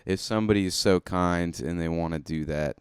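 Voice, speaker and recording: A man talks alone into his comedy podcast in a deep, low voice. His sound is crisp and smooth, close and dry. He rambles loosely, cursing and poking fun at himself. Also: fairly quick, no echo. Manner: rambling, self-deprecating and profane. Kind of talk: casual solo podcast monologue.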